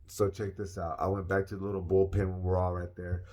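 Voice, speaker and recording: A young man casually telling a personal story, animated and slangy, repeating phrases for emphasis. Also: low voice, brisk. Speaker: vlogger.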